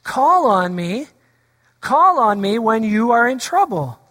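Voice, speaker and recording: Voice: medium pitch, very animated, slow pace, a bit bright. Pastor preaching in a reverberant sanctuary. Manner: asks the congregation rhetorical questions; acts out quoted voices of scripture. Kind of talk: sermon. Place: church sanctuary.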